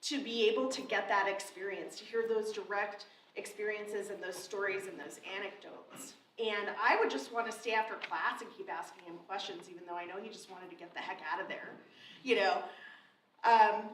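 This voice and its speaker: A woman's voice: medium pitch, fairly bright tone. Woman in her forties in a roomy hall. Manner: heartfelt, conversational, laughing between lines. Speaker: Secretary of State speaking at a memorial. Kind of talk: memorial tribute speech. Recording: roomy echo from a distant mic, faint noise.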